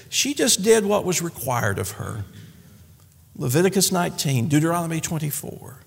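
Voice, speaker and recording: A pastor preaching a sermon from the pulpit, folksy and animated, with playful asides. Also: male voice, sits high, normal speed, vocal fry, slightly rough, in a large hall. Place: church sanctuary.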